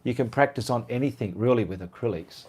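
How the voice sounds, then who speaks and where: A man's voice: medium pitch, quick pace, a little mellow, a little hiss or hum. An Australian man hosting a casual live-stream Q&A, chatting and reading viewer comments aloud in a rambling way.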